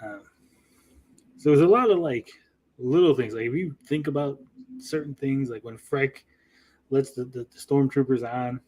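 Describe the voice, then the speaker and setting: A man's voice: medium pitch, moderate pace, long pauses, darkish tone, low-quality recording. A man co-hosting a casual review chat, blunt and profane, often mimicking characters. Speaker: podcast co-host.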